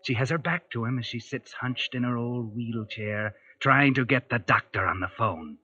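A man's voice: medium pitch, moderate pace, sharp tone, breathy edge. A man narrating a 1940s radio thriller in a suspenseful, dramatic manner. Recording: dull old radio recording with music behind.

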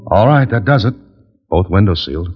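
An actor playing a dry, wisecracking adventurer who also narrates, in 1940s radio acting. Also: male voice, sits low, expressive, fairly quick, faint music behind. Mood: confident. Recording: dull old radio recording.

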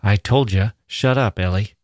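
A man's voice: fairly low pitch, moderate pace, darkish tone, no room sound, studio quality, natural voice. A man reading aloud voices a menacing young man who talks in an insistent, slangy, wheedling way. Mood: snapping. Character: menacing young man, smooth-talking predator.

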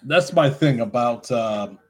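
A man co-hosting a casual podcast chat over drinks, animated, laughing often and trailing off with ums. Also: mid-range voice, takes it slowly. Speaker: podcast co-host.

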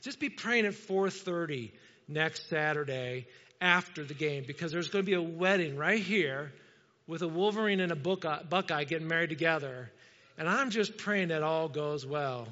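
A man from Indiana delivers a sermon in a bright, high voice, talking to the congregation and drawing responses from them. The sound is dull and lo-fi, and the voice trails off into a long reverb through a church hall. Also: normal speed. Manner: conversational, calls for audience responses. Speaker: pastor.

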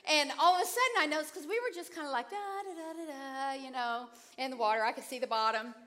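A middle-aged woman preaching, telling a personal story in an animated way and acting out her own panic and her husband's calm replies. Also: sits high, fast talker.

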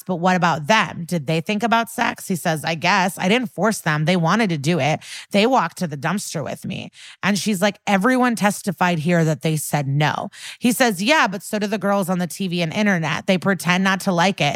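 A woman's voice: on the low side, no room sound, clean studio sound. A woman co-hosting a podcast, casually recapping an episode and acting out lines from it with laughing asides. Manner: retells scenes with quick quoted lines, laughing asides. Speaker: podcast co-host.

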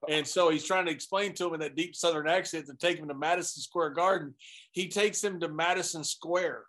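A man's voice: fairly high pitch, fairly quick, fairly bright tone. A man in a casual podcast chat, telling stories in a friendly way with a chuckle and passing on advice.

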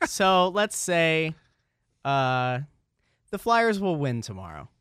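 A man's voice: a little high, sing-song, takes it slowly, fairly bright tone, smooth, no echo. A man co-hosting a casual sports podcast, rambling and teasing, often restarting his sentences, on a close microphone. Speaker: podcast co-host.

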